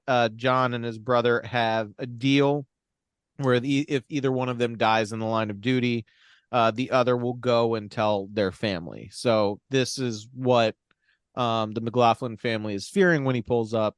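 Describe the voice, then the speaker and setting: A man's voice: mid-range voice, steady tone, normal speed, clear, resonant tone, dry recording, clean studio sound. A man co-hosting a podcast, wryly recapping a movie in casual, profane chat full of fillers. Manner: wry, profane storytelling with many fillers. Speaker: podcast co-host.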